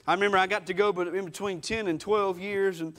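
A man's voice: high voice, steady tone, fast talker, fairly bright tone. A man preaching a folksy testimony sermon, acting out the quoted voices. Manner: folksy storytelling, acts out quotes.

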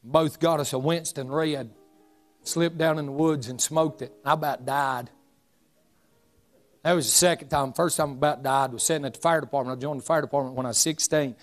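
A man's voice: fairly high pitch, fairly even intonation, brisk, faint music behind. A man, preaching a sermon as a folksy, humorous storyteller. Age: 40s.

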